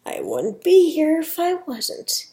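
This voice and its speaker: A woman's voice: high voice, huge pitch swings, slow, dark tone, pitched above the performer's own voice, exaggerated voice. Woman reading as a grumbling male chaperone. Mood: grumpy. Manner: complaining, sarcastic. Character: grumpy reluctant male chaperone.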